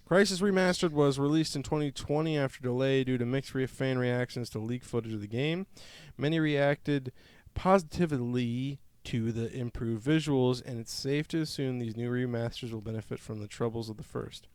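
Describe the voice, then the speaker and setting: A young man in a relaxed gaming podcast chat, mid-pitched and recorded dry and close. He reads headlines with playful, hammy emphasis and drifts into offhand banter. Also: normal speed, no room sound. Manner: reads news aloud, then jokes around in an infomercial tone. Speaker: podcast co-host.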